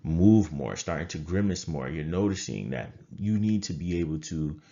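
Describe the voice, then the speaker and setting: A man with a very low voice gives a motivational coaching talk straight to camera. He is emphatic and drives his points home by repeating phrases. The sound is dull and lo-fi. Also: lively intonation, moderate pace, mellow. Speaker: trading coach and critical care nurse.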